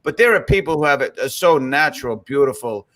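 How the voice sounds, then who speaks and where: A man's voice: mid-range voice, fairly quick. A man from South Boston with a Boston accent, a guest chatting casually and telling stories. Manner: animated storyteller, slips into other voices. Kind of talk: casual chat.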